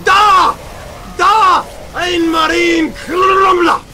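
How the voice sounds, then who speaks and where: A man putting on a shouting mock-German commander who barks out excitable fake-German exclamations. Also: very high-pitched, drawn-out words, some chatter behind, voice pushed up, full character voice. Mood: barking.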